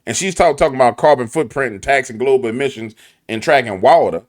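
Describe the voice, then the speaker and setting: Animated New Orleans man ranting. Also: medium pitch, fast talker. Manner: animated, preachy, repetitive, Southern slang. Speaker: commentator. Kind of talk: conspiracy commentary.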